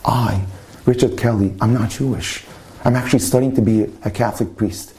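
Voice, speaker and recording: A man's voice: mid-range voice, steady tone, normal speed, warm tone, lightly acted. A man voicing a sheepish, ashamed young male student in a told story, hesitant and apologetic.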